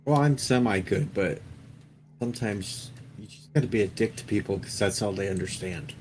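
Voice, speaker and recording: A man's voice: fairly low pitch, moderate pace, noisy background. A man in casual late-night stream chat, making dry joking asides.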